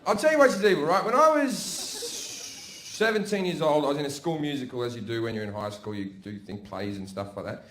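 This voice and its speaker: On a comedy stage before a live audience, a man with an Australian accent tells crude, profane stories in a conversational stand-up style. His fairly high, slightly bright voice is expressive and brisk. The live venue sounds echoey, with slight background noise.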